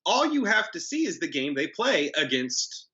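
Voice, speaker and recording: Wry guy co-hosting a movie chat, bright lively voice, kinda dull lo-fi mic. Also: on the high side, normal speed. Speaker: movie review podcast co-host. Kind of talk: casual chat.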